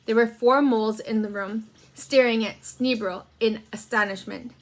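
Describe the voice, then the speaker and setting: A woman teacher reading a chapter book aloud to children, in a clear storytelling manner. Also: fairly high pitch, fairly even intonation, normal speed. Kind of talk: children's read-aloud narration.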